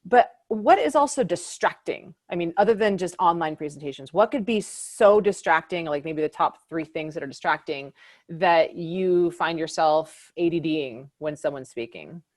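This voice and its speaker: A woman's voice: deep voice, animated, moderate pace, a little mellow, dry recording, clean studio sound. A woman hosting an interview in a chatty, casual way, dropping the filler word "like" often. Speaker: host, naturopath.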